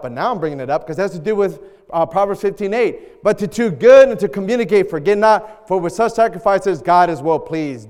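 A man preaching a sermon, animated and jokey, quizzing the congregation. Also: high voice, clear, resonant tone. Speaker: pastor. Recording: echoey church hall.

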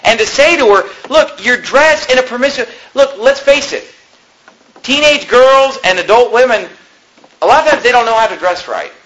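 A man preaches with a high, bright, fervent voice, pressing each point through repetition. His sermon rings out in a roomy, echoing space, with a faint hiss underneath. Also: expressive, moderate pace, lo-fi sound. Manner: fervent, emphatic, repeats phrases for emphasis. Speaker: pastor. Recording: roomy echo.

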